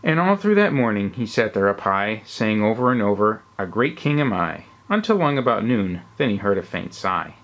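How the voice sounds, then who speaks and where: A man, a father, reading a rhyming storybook aloud at bedtime with an expressive, rhythmic delivery. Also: on the low side, moderate pace, few pauses.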